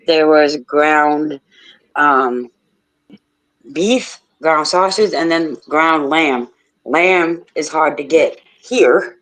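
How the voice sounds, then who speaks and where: A woman's voice: deep voice, rough recording. A woman hosting a live radio chat who tells rambling stories, laughs often and swears freely. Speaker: radio show host.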